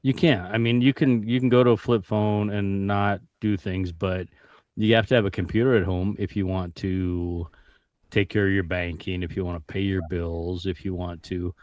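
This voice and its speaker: A man on a casual online panel with a somewhat low voice. He talks in a blunt, matter-of-fact way. The sound is dry and close to the mic. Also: steady tone, normal speed, a little mellow, no room sound. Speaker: panel guest.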